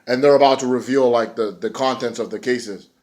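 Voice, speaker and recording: Male reviewer, casual recap, loose and profane, with mid-range pitch. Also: steady tone, brisk, darkish tone. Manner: rambling, profane, many fillers. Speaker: wrestling show reviewer.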